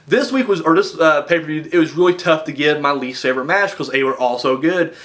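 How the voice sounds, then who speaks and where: A man casually recapping wrestling matches, rambling with lots of fillers and getting excited as a fan. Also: fairly high pitch, fairly quick. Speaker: wrestling review host.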